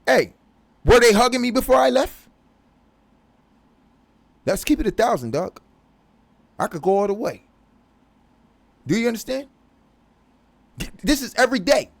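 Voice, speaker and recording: A man's voice: extremely high pitch, very animated, a little slow, gravelly, pauses often. A man delivering a profane, confrontational religious rant as a vlogger. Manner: profane, aggressive, preachy.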